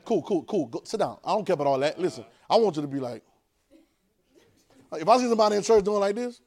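A man preaching a sermon, urging the congregation to repeat lines after him and swinging between quiet, drawn-out talk and loud bursts. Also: high voice, expressive.

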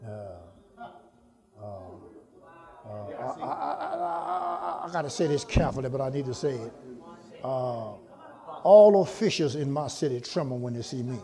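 A man preaching a sermon, calling to the congregation for answers and climbing into shouts. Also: medium pitch, lively intonation, normal speed, long pauses. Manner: call-and-response preaching, rising to shouts.

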